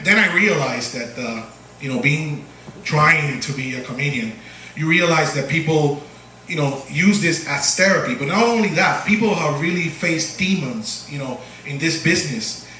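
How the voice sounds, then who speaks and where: A man doing a stand-up set on a small bar stage, halting with lots of uh and restarts, and jumping high when quoting voices. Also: sharp tone, recorded from a distance, a little hiss or hum. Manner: halting delivery full of uh and restarts, jumps high for quoted voices. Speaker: stand-up comedian. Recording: echoey bar room recorded from afar. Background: bar crowd ambience and laughter.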